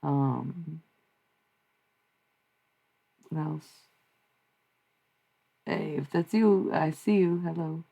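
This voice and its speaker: Woman livestreamer, husky and low, casual and blunt, swears easily. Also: drawn-out words, pauses often, dark tone, dull audio. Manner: blunt and profane, musing aloud. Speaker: streamer giving psychic messages.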